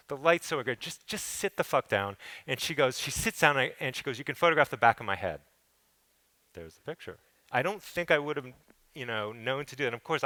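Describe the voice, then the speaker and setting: A man's voice: mid-range voice, pushed and bright, clean tone, no echo. A middle-aged man, a photographer, telling loose, casual stories in an artist talk on a stage, swearing and acting out quotes. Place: theater stage.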